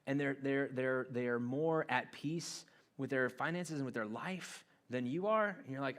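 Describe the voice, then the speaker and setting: A man preaching a sermon to a church congregation. His voice sits at an ordinary middle pitch, and he talks in a loose, conversational way rather than a formal one, as if chatting with the people in front of him. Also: a little slow, a bit bright. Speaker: pastor. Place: church auditorium.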